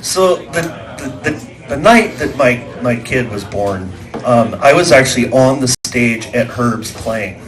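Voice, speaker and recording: A man's voice: medium pitch, animated, unhurried, crowd noise. A man doing live stand-up, telling rambling stories that repeat words and act out quoted voices, at a small live venue. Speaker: stand-up comedian.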